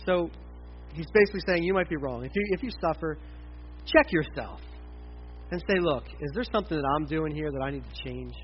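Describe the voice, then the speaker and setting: Middle-aged pastor from the States, tenor-high voice, casual animated preaching; muffled, slightly hummy recording. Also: male voice, brisk, soft background music. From United States. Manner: conversational and animated, dips to quiet asides. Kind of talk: sermon.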